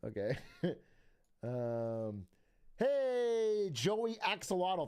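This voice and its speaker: Young guy streamer, lively swingy voice, rambling and swearing a lot, laughs a bunch. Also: fairly high pitch, measured pace, pauses often, clean tone. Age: young adult. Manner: rambling, profane, laughs often. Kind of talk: casual stream chat.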